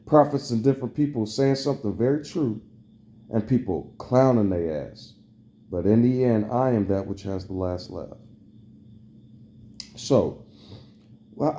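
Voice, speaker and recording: A man's voice: medium pitch, dark tone. Man ranting angrily to camera. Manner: profane, heated, repetitive. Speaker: vlogger. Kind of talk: angry rant to camera.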